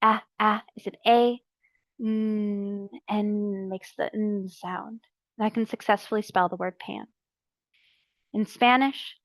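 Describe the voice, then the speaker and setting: A woman presenting a training session for early childhood educators, explaining letters and sounds clearly and deliberately. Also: mid-range voice, no room sound. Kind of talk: instructional narration.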